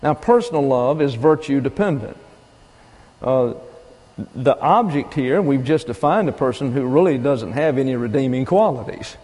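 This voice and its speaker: An older man preaching a sermon, teaching deliberately and with emphasis, pausing for asides. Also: mid-range voice, expressive, a little mellow. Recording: long reverb of a large hall.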